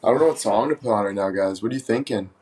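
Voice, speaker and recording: A man's voice: fairly low pitch, very fast, rough recording. A man chatting casually with viewers on a live stream, asking what to wear and what song to play. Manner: relaxed, chatty, addresses viewers as guys. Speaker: livestreamer.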